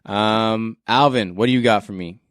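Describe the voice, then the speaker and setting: A man from Canada hosts a casual podcast, his voice sitting low. He sounds relaxed and enthusiastic and breaks into laughs often. The recording is close and dry, with no room around it. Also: normal speed, clean tone, no room sound. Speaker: podcast host.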